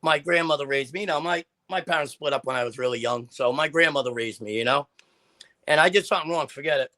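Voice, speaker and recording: Man, high-pitched, bright edgy tone, rambling podcast guest. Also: quick pace. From American of Italian family. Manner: rambling, animated, heavy "you know" filler. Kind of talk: casual podcast chat.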